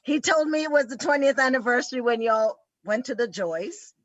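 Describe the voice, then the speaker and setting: A woman's voice: on the high side, moderate pace, no room sound, dull audio. A woman hosting a casual chat, upbeat and playful, reading out viewer questions. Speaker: host.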